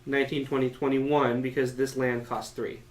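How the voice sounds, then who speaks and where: A man's voice: mid-range voice, little pitch movement, normal speed, rough recording. A man casually explaining board game rules to friends at a game night, patient and joking.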